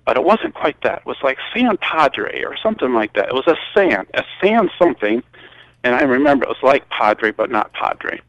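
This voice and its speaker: An older man from Michigan recounting a personal story in a halting, rambling way, full of restarts. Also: medium pitch, big pitch swings, a bit bright, no room sound, dull audio. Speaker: guest.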